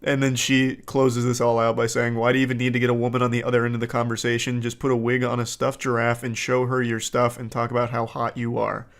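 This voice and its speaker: A man's voice: mid-range voice, completely flat delivery, fast talker, hardly any pauses. A man in his thirties hosting reaction commentary, reading dating texts aloud with incredulous, crude outbursts. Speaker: commentary host.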